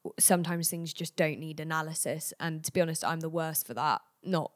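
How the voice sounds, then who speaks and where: Low-energy woman podcast co-host. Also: a little fast, dry recording, clean studio sound. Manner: low-energy, self-described monotone. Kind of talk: casual chat.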